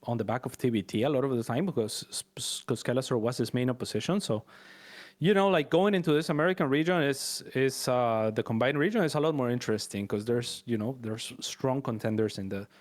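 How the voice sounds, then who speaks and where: A man's voice: mid-range voice, quick pace, few pauses. A man co-casting a live strategy game match, analytical with dry teasing banter. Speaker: esports co-caster.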